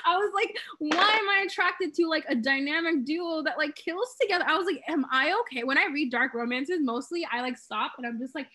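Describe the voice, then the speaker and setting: A woman's voice: high voice, fairly quick, few pauses, sharp tone. A young woman as a podcast guest in casual chat, gushing and dramatic, often acting out her own reactions. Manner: gushing, dramatic, quotes herself a lot.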